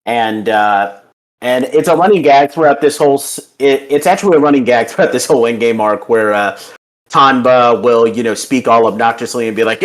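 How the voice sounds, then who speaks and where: A man's voice: medium pitch, fairly quick. Man rambling through a casual review. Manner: rambling, many fillers and restarts, enthusiastic. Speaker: podcast host.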